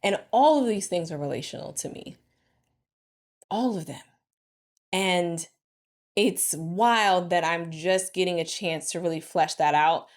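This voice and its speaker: A woman vlogger and marriage coach talking casually and reflectively to camera, expressive and thinking aloud. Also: on the low side.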